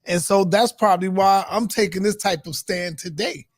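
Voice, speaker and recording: A man with a high voice who talks in a laid-back, direct way as a panelist, making his point plainly in a casual debate. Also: moderate pace, no echo, studio quality.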